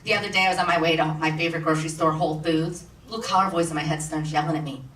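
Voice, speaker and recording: A stand-up comedian from Peoria, Illinois, doing a self-mocking routine that teases the crowd. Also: female voice, low-pitched, steady tone, very fast, a bit bright. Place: large theatre stage. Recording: roomy theatre sound from a distance with an audience.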